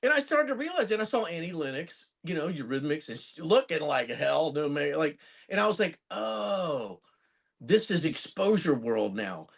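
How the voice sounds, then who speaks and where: Gravelly, animated man telling stories. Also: on the high side, a little fast, few pauses. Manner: animated, rambling storyteller who swears freely. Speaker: guest musician and record producer. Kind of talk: casual podcast conversation.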